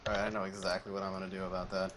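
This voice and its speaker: A man's voice: low-pitched, little pitch movement, racing, a bit bright. A man playing a tabletop game, asking rules questions and eagerly declaring his attacks. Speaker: player. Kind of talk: casual tabletop game talk.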